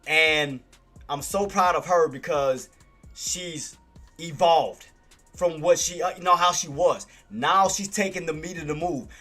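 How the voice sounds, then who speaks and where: A man recapping trades on a casual livestream, talking to his viewers and giving them repeated, excited shout-outs over music. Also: a little high, unhurried. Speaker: stock trading streamer.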